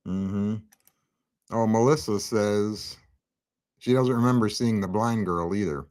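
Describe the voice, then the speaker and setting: A man's voice: fairly low pitch, slow, darkish tone. A man hosting a casual recap chat, laughing often and reading viewer comments aloud. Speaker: podcast host.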